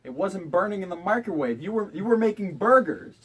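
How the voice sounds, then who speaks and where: A young college guy vents to the camera from his dorm room, cursing constantly in an exasperated rant. His voice sits a bit high for a man and leaps all over the place, from low grumbles to sharp outbursts. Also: big pitch swings, brisk, slightly rough. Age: young adult. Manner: profane, exasperated ranting. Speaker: college student vlogger. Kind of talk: ranting vlog.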